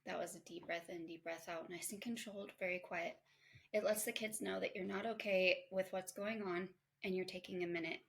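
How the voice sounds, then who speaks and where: Candid woman with a gravelly edge. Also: lowish voice, fairly even intonation, fairly quick. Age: adult mother. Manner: candid, conversational, self-reflective. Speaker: podcast host. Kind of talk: casual self-help monologue.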